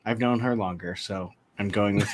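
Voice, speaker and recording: A man's voice: on the low side, moderate pace. A man co-hosting a casual podcast chat, breaking in with teasing jokes. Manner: joking interjections, teasing. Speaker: podcast co-host. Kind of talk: casual live-stream chat.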